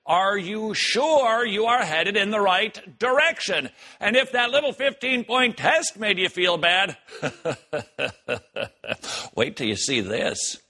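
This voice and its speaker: A man hosting a commentary show, reacting to clips with animated, joking asides. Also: sits high, unhurried. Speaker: host.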